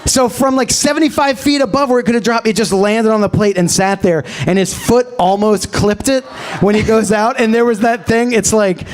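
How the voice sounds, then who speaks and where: A man with a slightly raised pitch spins a rambling comedic anecdote in front of a live audience. He keeps restarting phrases, then throws himself into loud, gasping impressions of the people in his story. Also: normal speed, a little hiss or hum. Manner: animated, acts out bystanders' voices with shouts and gasps. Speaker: podcast co-host. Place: live show at a music venue.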